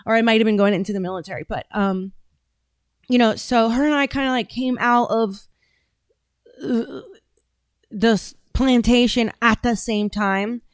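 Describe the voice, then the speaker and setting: A woman's voice: on the high side, unhurried, long pauses, smooth, no echo. Blunt, rambling woman on a dry mic. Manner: blunt, rambling, with many restarts and fillers. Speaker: podcast host and political candidate. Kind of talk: casual political commentary.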